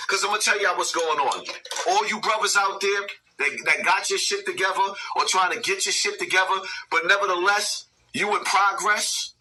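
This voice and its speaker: A man's voice: high-pitched, normal speed, sharp tone, recorded from a distance, slight background noise, rough recording. A man hosting a commentary video, ranting and preaching to his viewers with lots of repetition. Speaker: commentary channel host.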